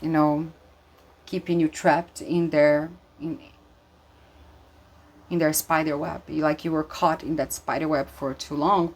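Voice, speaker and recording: A woman's voice: sits low, steady tone, a little slow, darkish tone. A woman giving an intuitive tarot reading, speaking earnestly and emphatically, with many fillers and restarts, and audibly moved. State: emotional, moved. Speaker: tarot reader.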